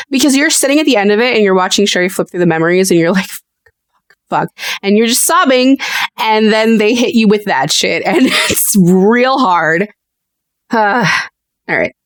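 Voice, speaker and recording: Podcast co-host: lively woman, swears a lot, acts out quotes, dry close mic. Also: mid-range voice, normal speed, dry recording. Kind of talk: casual chat.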